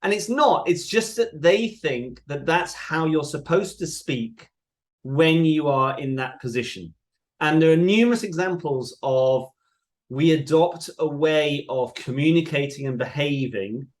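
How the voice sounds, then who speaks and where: A man's voice: on the high side, a little slow. Thoughtful man, podcast guest. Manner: reflective, sometimes mimics voices while making a point. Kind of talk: casual podcast interview.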